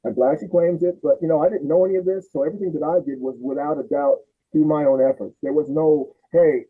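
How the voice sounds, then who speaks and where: A man's voice: on the high side, fast talker, breathy edge. A man in his sixties, a podcast host telling family stories and acting out his relatives' voices. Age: 60s. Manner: animated, acts out relatives' voices. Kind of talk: storytelling in casual chat. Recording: tinny phone-like audio.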